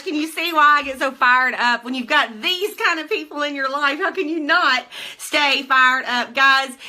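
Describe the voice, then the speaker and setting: A woman's voice: sits high, normal speed, hardly any pauses, pushed and bright. A woman hosting a live team call, gushing and emotional as she thanks the speakers and talks to viewers. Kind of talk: casual livestream chat.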